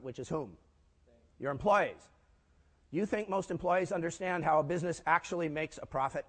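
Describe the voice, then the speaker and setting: An older American man gives a punchy business conference keynote in a large, echoey hall. His voice runs slightly high, and he fires quick rhetorical questions at the audience.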